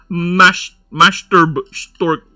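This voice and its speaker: A man's voice: sits high, level tone, extremely slow, pushed and bright, dry recording, clean studio sound, soft background music, heavily acted. A man voicing a silly, overly formal male noble from a made-up house, greeting people in a put-on manner. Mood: mock-formal.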